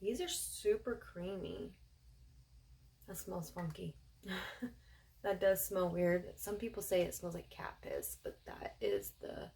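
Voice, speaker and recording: A young woman talks through a beauty haul in a chatty, gushing way. Her voice sits low and has a gravelly fry. She fills her talk with casual fillers. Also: lively intonation, slow, a little mellow, poor audio. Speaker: beauty vlogger. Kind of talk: casual product haul review.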